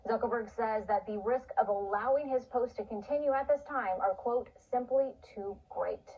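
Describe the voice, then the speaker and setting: Reporter lady reading news, kinda husky and high, muffled tv audio. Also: moderate pace. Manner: crisp, formal delivery. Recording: dull TV audio.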